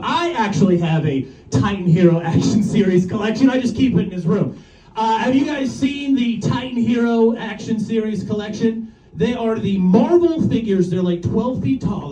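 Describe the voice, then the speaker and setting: A man's voice: high-pitched, mellow. A man doing a stand-up comedy set, rambling, swearing and mocking himself. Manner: rambling, profane, self-mocking. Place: comedy club stage. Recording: roomy club sound from the mic distance. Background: audience laughter.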